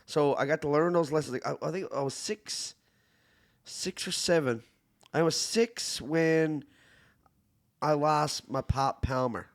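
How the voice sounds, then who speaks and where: A man, hosting a podcast and telling a personal story in a reflective, halting way, often restarting and growing quiet. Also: a little high. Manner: reflective, halting storytelling with many restarts, drops soft when sad. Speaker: podcast host. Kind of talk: casual conversation.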